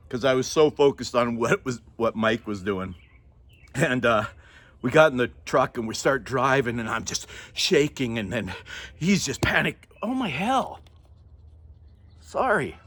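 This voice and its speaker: A middle-aged man spins a casual personal story for his viewers, rambling from one aside to the next. He keeps cracking himself up and apologizing. His pitch sits at an ordinary middle for a man. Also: fairly bright tone. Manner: rambling, chatty, breaks into laughter and apologizes. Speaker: vlogger telling a personal story.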